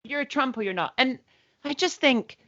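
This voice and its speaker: A woman's voice: high voice, moderate pace, a bit bright, no echo. Woman, casual co-host chat, blunt, sweary, muffled lo-fi recording. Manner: blunt and sweary, recaps with quoted asides. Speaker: podcast co-host.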